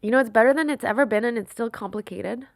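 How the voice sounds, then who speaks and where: A woman in her thirties is talking candidly as a podcast guest, with a gravelly edge to her voice. She tells personal stories earnestly and lets her voice sink to a hush in the tender parts. The recording is dry and close. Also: fairly high pitch, quick pace, no echo. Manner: earnest, emotional storytelling, softening to near whispers. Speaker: guest, film writer and director.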